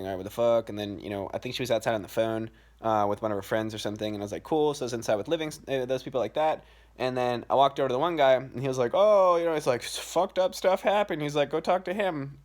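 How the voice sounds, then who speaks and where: Young male host, rapid, blunt, profane storyteller. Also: mid-range voice. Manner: profane, blunt, fast-talking. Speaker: podcast host. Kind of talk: casual storytelling.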